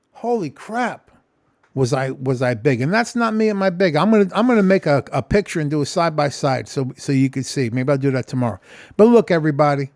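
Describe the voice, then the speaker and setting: A man's voice: fairly high pitch, no echo, clean studio sound. A man talking casually in a rambling, profane vlog at home. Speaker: vlogger. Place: home kitchen.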